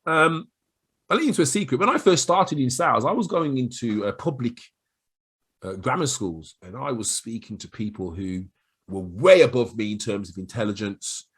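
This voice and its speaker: A middle-aged Black Country man talks sales straight to camera in a chatty, animated way. His voice is husky and airy, sitting in an ordinary middle pitch. He drops into quick put-on voices to act out callers and himself. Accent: Black Country English. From Black Country, England. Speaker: sales trainer. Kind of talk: talking-head sales advice to camera.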